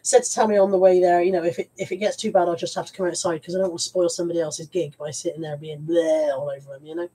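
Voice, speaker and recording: Woman streaming live from home, stuffed-up cold, breathy voice, chatty and self-mocking. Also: fairly low pitch, steady tone, quick pace, few pauses, warm tone, rough recording. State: stuffy head cold, coughing. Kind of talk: casual live-stream chat.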